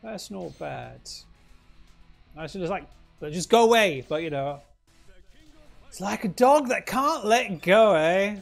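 Male streamer, casual and exclamatory, high-pitched, gravelly, faint music under him. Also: expressive, slow pace, pauses often. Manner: chatty, exclaiming, talking to chat. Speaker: game streamer. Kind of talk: casual livestream commentary.

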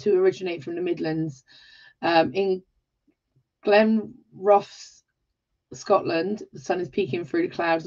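An English woman from England, hosting a live jewellery tutorial in a warm, chatty way, greeting viewers by name and exclaiming often. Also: on the low side. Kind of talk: chatty livestream talk. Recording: slightly dull livestream audio.

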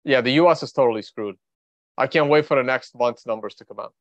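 A man's voice: mid-range voice, quick pace, no echo. A man from Russia hosting a casual livestream of market commentary, rambling and thinking aloud in a blunt, offhand way. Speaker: trader and show host. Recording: dry, slightly dull recording.

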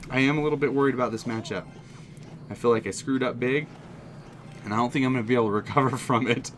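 A man giving excited, jokey running commentary on his own mobile game, talking straight to his viewers. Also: mid-range voice, quick pace, slight background noise. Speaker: gaming channel host. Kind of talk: live gameplay commentary.

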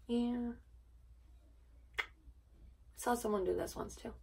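A woman's voice: on the high side, fairly even intonation, takes it slowly, gravelly, darkish tone, slight background noise. A woman vlogger chatting casually through a makeup tutorial, rambling with self-deprecating asides, filmed at home on a tripod camera.

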